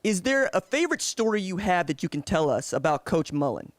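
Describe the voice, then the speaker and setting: A man's voice: high voice, very animated, a little fast, dry recording. A man from Oklahoma hosting a podcast, asking direct questions in a laid-back, slangy way. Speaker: podcast host. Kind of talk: casual interview questions.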